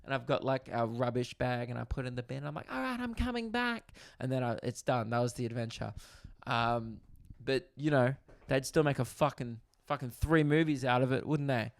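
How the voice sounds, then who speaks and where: Young male comic host, gravelly voice, casual storyteller who swears a lot and acts out voices. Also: medium pitch, moderate pace, no echo, clean studio sound. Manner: animated, swears freely, acts out others' voices. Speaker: comedian podcast host.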